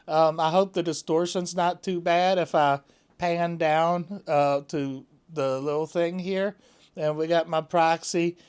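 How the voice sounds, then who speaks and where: A man chatting casually to camera at home, rambling along with plenty of fillers and restarts. His voice sits fairly high and comes across smooth and clear. He takes his time, talking slowly. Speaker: vlogger.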